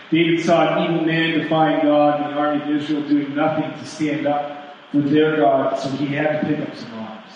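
A young man preaching a sermon, telling a joke story with halting restarts and laughing along with it. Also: on the high side, slight background noise. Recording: echoey hall, mic far off, dull.

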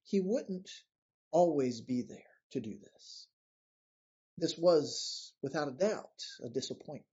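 Man, earnest sermon-style reflection, slightly high voice, husky and mellow, dull lo-fi sound. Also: animated, slow pace. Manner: earnest, conversational, reads scripture aloud. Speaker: preacher. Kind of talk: scripture reflection. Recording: dull lo-fi recording.

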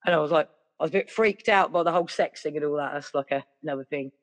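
A woman's voice: deep voice, very fast. A woman telling a personal story in a rambling, chatty way, full of "like" and "yeah". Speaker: podcast guest. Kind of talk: casual storytelling.

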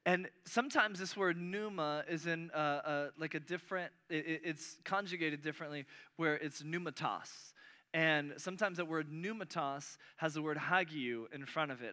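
Male pastor, bright and forceful tone, slightly high, conversational sermon delivery with restarts. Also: normal speed. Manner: conversational preaching with frequent restarts, voice rising on key points.

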